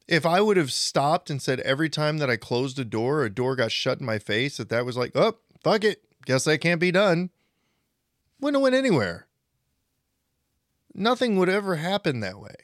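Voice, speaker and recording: A man in his forties co-hosts a podcast in a medium-pitched voice, chatting casually and bringing his stories to life by acting out the people he quotes. The recording is studio quality, with no echo.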